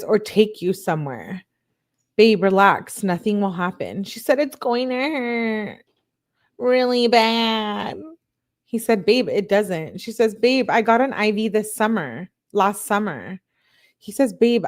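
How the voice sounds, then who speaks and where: A woman hosting a show, reading text messages aloud in a plain, steady way and breaking off for blunt, disbelieving asides to her viewers. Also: medium pitch. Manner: reads chat comments aloud to viewers. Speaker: channel host.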